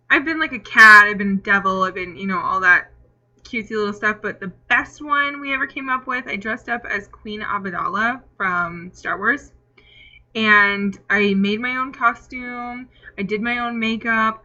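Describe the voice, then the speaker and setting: A woman's voice: medium pitch, bright, forceful tone, muffled recording. A young woman vlogger answering tag questions in a chatty, rambling way with lots of fillers, hiccuping now and then. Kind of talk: casual Q&A tag video.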